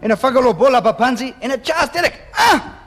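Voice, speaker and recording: A high-voiced man tells a joke on stage with big, lively swings in his pitch. He mixes slang into his English and breaks into laughter now and then. He was recorded live in a reverberant hall over a noisy crowd. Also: quick pace. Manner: animated storytelling with bursts of laughter. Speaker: comedian. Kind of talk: stand-up joke in mixed slang. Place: live venue before an audience.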